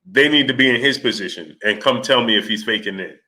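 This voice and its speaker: A man's voice: mid-range voice, brisk. A man hosting a live stream, greeting viewers and retelling stories with laughter and quoted voices. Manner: animated storytelling, laughing, mimicking voices. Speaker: host. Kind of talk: live stream chat, reading Super Chats.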